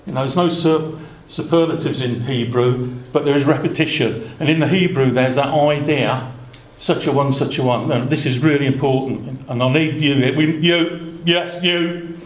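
A man's voice: medium pitch, fairly even intonation, normal speed, hardly any pauses. Earnest preacher man in an echoey hall. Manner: earnest, conversational, many asides and restarts. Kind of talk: expository Bible sermon. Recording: echoey room.

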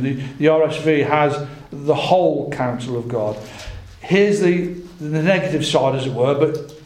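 A man's voice: a little high, a little mellow. Roomy-sounding man giving a Bible talk. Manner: slow, emphatic scripture reading, chatty asides; halting, with repeated words. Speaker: preacher.

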